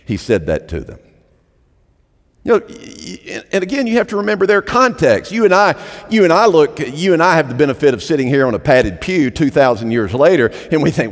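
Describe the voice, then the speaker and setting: Animated preacher in an echoing church. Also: male voice, mid-range voice. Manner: emphatic, animated preaching with repeated phrases. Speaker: pastor. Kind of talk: sermon. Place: church sanctuary. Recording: long hall reverb.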